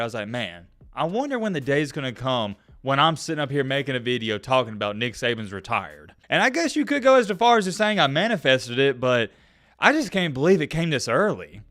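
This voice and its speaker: A young man, talking casually in a reaction vlog, animated and on the verge of tears. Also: medium pitch, no room sound, studio quality. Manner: emotional, animated, voice breaking near tears. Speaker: sports video creator.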